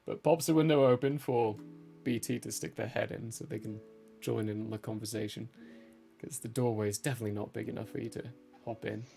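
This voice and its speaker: A man's voice: fairly low pitch, fairly even intonation, fairly quick, vocal fry, warm tone, soft background music. A man narrating a tabletop role-playing game as game master, improvising casually and correcting himself as he goes.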